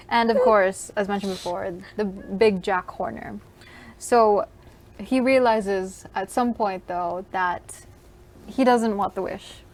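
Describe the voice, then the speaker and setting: A woman hosting a radio show, chatting through a film review with gushing enthusiasm and lots of "like"s. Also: mid-range voice. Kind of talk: casual film review chat.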